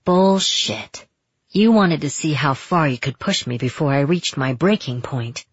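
A woman voicing a cocky, jealous young man who speaks in a low, taunting, intimate way. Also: expressive, a little slow, husky, no room sound, full character voice. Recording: dull, muffled audio.

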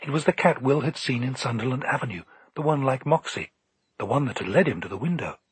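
A man narrating an audiobook in a calm, measured storytelling manner. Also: medium pitch, breathy edge, no room sound.

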